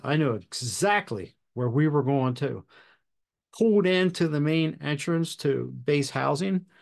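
Man, podcast host, storytelling, measured, deliberate, slightly high voice. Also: gravelly. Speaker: podcast host and fire officer instructor. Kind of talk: storytelling anecdote.

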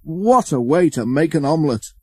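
A man's voice: fairly high pitch, animated, moderate pace, husky, dry recording, clean studio sound, voice pushed up. A man doing a grumbling country farmer. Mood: rueful. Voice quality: muttering, rueful. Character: grumbling rural male farmer, middle-aged.

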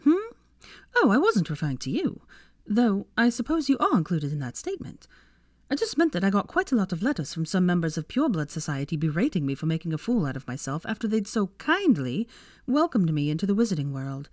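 A woman's voice: sing-song, a little mellow, no room sound, clean studio sound. Prickly clever young witch, read by a woman. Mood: exasperated. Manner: raised pitch, brisk and exasperated.

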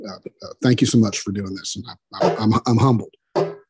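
A man's voice: fairly low pitch, fairly even intonation, fairly quick, over loud music. Folksy Oklahoman man, stammering. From Oklahoma, USA. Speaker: musician guest. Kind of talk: interview chat.

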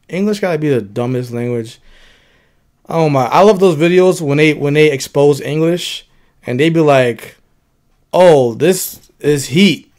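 Animated joking man, reaction host. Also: medium pitch. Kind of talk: casual reaction commentary.

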